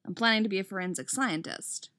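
A woman's voice: mid-range voice, fast, bright, forceful tone, dry recording, close to an everyday voice. A woman voicing a composed, teasing young female med student in a read-aloud story, close to her own voice.

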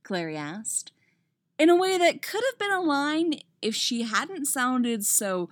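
A woman with a somewhat high voice reads a romance story aloud a little slowly, expressively breaking in with shocked remarks and swearing as she reacts to the fan fiction. It's studio quality, with no room sound.

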